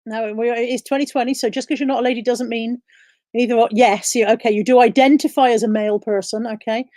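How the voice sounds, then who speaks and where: Woman host, fairly high voice, dry close sound, chatty, reads chat questions aloud in a casual live-stream style. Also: fairly even intonation, quick pace, mellow, no echo. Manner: reads viewer questions aloud and answers them.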